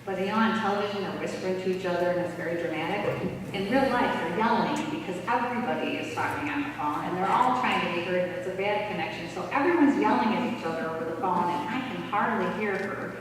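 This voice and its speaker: A woman's voice: fairly low pitch, fast, crowd noise. Woman telling a story in an echoey hall. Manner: lively storyteller acting out quotes. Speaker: author giving a church talk. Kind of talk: storytelling talk. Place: church hall. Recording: echoey church hall, distant mic.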